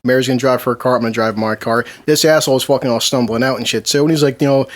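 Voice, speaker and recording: A man's voice: mid-range voice, steady tone, racing. A man co-hosting a podcast, telling stories in a boisterous, profane way and laughing often. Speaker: podcast co-host. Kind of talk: casual chat, storytelling.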